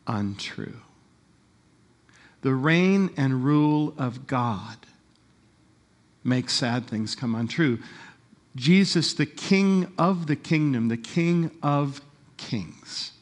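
A man preaching a sermon as pastor, retelling a story with animated delivery and slowing down for emphasis. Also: mid-range voice.

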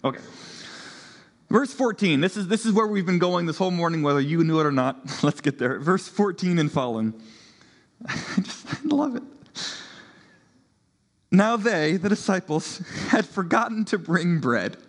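Pastor, man, 30s, chatty laughing sermon style, higher voice, long church echo. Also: big pitch swings, moderate pace, long pauses. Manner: playful, laughing, conversational storytelling.

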